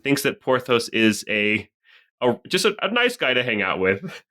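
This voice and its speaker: A man's voice: mid-range voice, sing-song, moderate pace, sharp tone. A man playing a tabletop game, chatty and joking. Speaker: player. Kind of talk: tabletop role-play.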